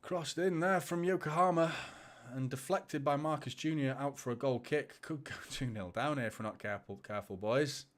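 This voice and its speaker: A man's voice: mid-range voice, normal speed. A man, hosting a live football watchalong, chatting casually and laughing as he reads viewer comments. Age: 30s.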